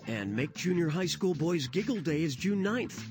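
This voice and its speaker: A man voicing a snarky quiz show host, tossing off sarcastic asides over loud game music. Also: a little high, very animated. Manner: sarcastic, quick-witted asides. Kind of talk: comedic quiz game hosting.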